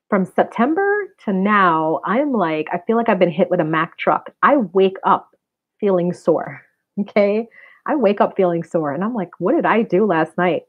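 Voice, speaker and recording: Low-voiced woman in her forties on a tinny line. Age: 40s. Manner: chatty and earnest, addresses viewers directly. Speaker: spiritual reader and wellness center owner. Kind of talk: casual live-stream chat with viewers. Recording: tinny phone-like sound.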